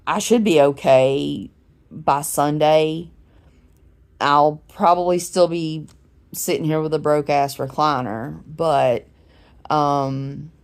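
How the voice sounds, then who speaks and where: A woman's voice: low-pitched, gravelly, a little mellow. A woman in her forties, a vlogger who feels unwell, tells her channel a rambling, chatty story with many fillers while sitting in a recliner at home. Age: 40s. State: unwell, recovering from a head injury. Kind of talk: casual talking-to-camera vlog.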